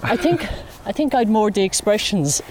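A woman's voice: medium pitch, animated, darkish tone, a little hiss or hum. A woman in her fifties with an Irish accent, a photographer chatting as a guest while walking outdoors by a lake. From Ireland. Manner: chatty storyteller, unhurried. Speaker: interview guest, wildlife photographer. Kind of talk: casual chat.

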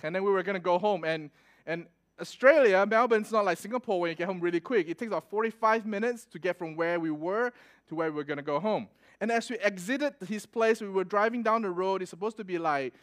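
A young adult man preaching a sermon, telling a personal story in a casual, animated way and laughing as he goes. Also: high voice, clear, resonant tone. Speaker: pastor.

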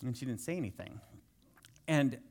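A man's voice: mid-range voice, lively intonation, normal speed, a little mellow. A man in his thirties preaching a conversational sermon as a guest, telling self-deprecating jokes and family stories. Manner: joking, self-deprecating storyteller.

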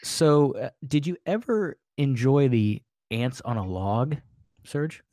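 A man's voice: mid-range voice, expressive, slow pace, mellow, no room sound, studio quality. A man co-hosting a podcast, chatting in a laid-back, hesitant way with plenty of fillers. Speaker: podcast co-host. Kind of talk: casual chat.

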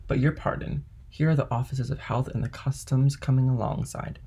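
A man with a gravelly, husky voice voicing a dutiful young male ship's mate in an audiobook reading. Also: medium pitch, steady tone, normal speed, warm tone. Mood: earnest.

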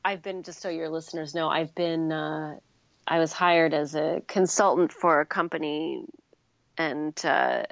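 A woman's voice: low voice, fairly even intonation, unhurried, vocal fry, no room sound, lo-fi sound. A woman with a New York accent, a guest on a casual podcast, talking earnestly and with enthusiasm over a remote call. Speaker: guest, chocolate maker.

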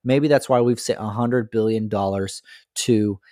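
A man's voice: on the low side, a little slow, dark tone, no echo. Guy doing a mocky sarcastic rant, lots of rhetorical questions, dead dry mic. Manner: sarcastic, mocking. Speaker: political commentator. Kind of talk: opinion monologue.

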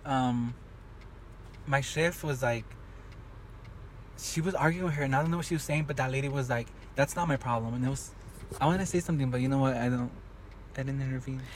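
A man's voice: mid-range voice, fairly quick, long pauses, a little hiss or hum. Chatty young man, laughing storyteller. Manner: chatty storyteller, swears casually, laughs often. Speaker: podcast co-host. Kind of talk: casual chat.

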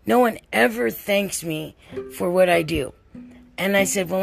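A woman's voice: lowish voice, creaky. An older woman hosting a casual podcast monologue, telling a rambling, chatty story while tired and worn out. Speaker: podcast host.

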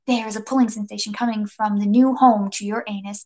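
A woman's voice: mid-range voice, flat delivery, fairly quick, few pauses, darkish tone. A woman narrating a comic second-person adventure story with playful, dramatic delivery and jokey asides.

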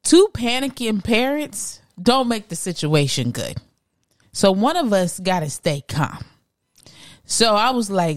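A woman's voice: mid-range voice, very animated, measured pace, dry recording, studio quality. A young mother chatting casually, plainspoken and explaining her side of the story. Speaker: co-host, mother. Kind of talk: casual chat.

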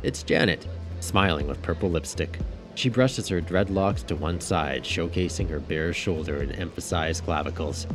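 Deep-voiced man narrating a story. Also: normal speed, over music. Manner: casual, wry storytelling. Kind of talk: first-person audiobook narration.

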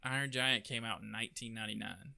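An easygoing young man in casual podcast chat, often answering with short agreeing replies. His voice is bright and crisp, and it sounds close and dry. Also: fairly low pitch, fairly even intonation, quick pace, no room sound. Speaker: podcast co-host.

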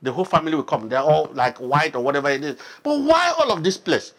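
A man's voice: a little high, very animated, fast. A pastor from Nigeria, teaching an interactive sermon and quizzing his congregation with frequent questions. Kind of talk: interactive sermon, Bible study.

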